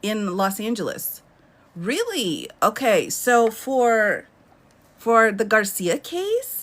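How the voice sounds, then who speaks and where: A woman's voice: fairly high pitch, big pitch swings, takes it slowly, a bit bright. A woman in her thirties hosting a casual live stream from home, chatting and laughing often as she answers viewer comments. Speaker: livestream host.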